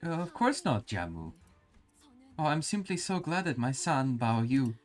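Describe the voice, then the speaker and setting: A man voicing a fussy, nervous noblewoman mother with a high, fluttery delivery. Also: sing-song, measured pace, faint music behind.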